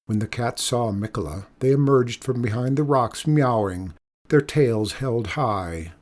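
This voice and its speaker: Expressive male storybook reader. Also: medium pitch, a little slow. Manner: expressive, emphatic reading. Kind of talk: reading a children's storybook aloud.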